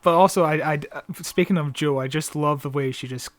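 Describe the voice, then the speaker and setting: A man's voice: fairly high pitch, a little fast, a little hiss or hum. A man co-hosting a podcast, joking and giggling in casual chat. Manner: jokey, giggly, self-mocking. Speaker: podcast co-host.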